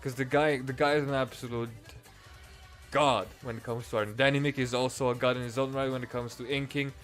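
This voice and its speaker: A man's voice: medium pitch, fairly even intonation, fast, a bit bright, soft background music. A man reviewing comics in a profane, exasperated and sarcastic rant.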